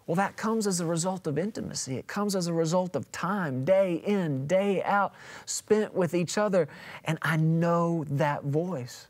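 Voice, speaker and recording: A man in his thirties preaching a televised sermon in a conversational, emphatic way, his voice swinging widely between loud and quiet. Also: fairly high pitch, a little slow.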